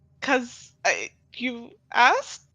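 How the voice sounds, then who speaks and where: A woman's voice: fairly high pitch, wildly swooping pitch, very slow, creaky, bright, forceful tone, dry recording. A woman playing a tabletop game, giggly and casual. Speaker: player.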